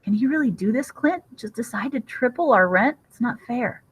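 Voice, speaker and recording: A woman voicing an upset young mother facing eviction, who pleads in a high voice. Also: lively intonation, normal speed, husky. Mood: distressed.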